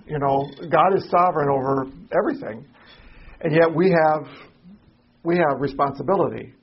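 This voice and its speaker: A man teaching an adult Sunday school class in a church classroom, halting and repeating himself as he puts questions to the class. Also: on the high side, slightly rough, dull audio. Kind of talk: informal Bible class teaching.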